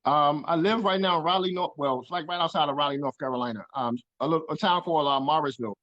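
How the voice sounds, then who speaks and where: A man, a guest chatting casually on a video call, relaxed and full of "you know what I'm saying.". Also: a little high, fast, dry recording, highs cut off. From New York. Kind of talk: casual chat.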